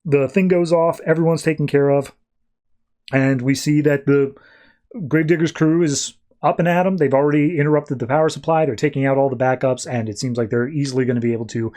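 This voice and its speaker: Male podcast host, casual animated storyteller, average pitch. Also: fairly quick. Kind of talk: casual comic book review.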